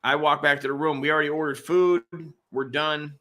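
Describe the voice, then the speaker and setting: A middle-aged man casually telling a crude, animated story as a podcast co-host. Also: on the high side, a little fast.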